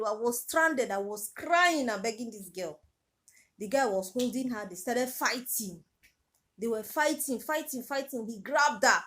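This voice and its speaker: In this vlog, a young woman with a Nigerian accent tells a personal story with urgency, repeating phrases for emphasis. Her fairly high, fairly bright voice is expressive and comes at a normal speed.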